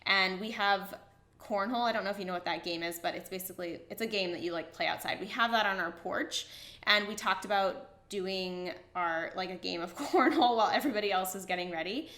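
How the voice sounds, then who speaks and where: A young woman vlogger telling a personal story in a gushing, excited way, full of "like" fillers. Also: medium pitch, echoey room. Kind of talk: casual storytelling to camera.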